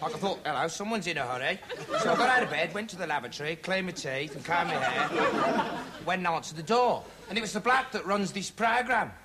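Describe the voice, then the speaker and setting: A rambling, dim TV reporter. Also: male voice, high-pitched, a loud crowd. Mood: deadpan rambling. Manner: rambling, deadpan, halting with "like" and "you know". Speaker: bumbling investigative reporter. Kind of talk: comic monologue to camera. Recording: noisy TV studio with audience laughter.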